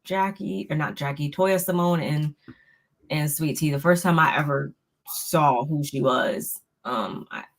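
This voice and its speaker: Woman, lower voice, relaxed chatty co-host, casual recap talk. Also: measured pace. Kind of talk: casual reality TV recap chat.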